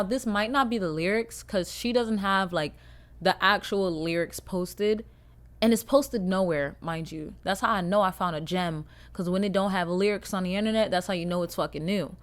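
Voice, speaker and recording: A young woman hosting a casual solo podcast, swearing freely and swinging from loud rants to quiet mumbles. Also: mid-range voice. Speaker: podcast host.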